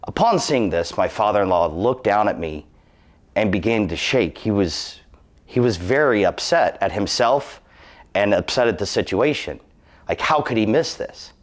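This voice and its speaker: Low-pitched man in his thirties, earnest and cautionary, sharing a personal safety story. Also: animated, normal speed. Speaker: employee giving a safety testimonial.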